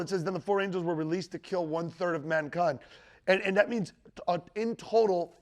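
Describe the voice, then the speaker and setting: High-voiced man teaching scripture. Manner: conversational, checks in with the room, quotes scripture with rising emphasis. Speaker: Bible teacher. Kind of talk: end-times teaching. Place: teaching room with a live audience.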